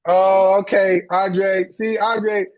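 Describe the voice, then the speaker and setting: A man talking as a life coach in casual, slangy, animated chat, repeating himself and acting out voices. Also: sits high, slow pace.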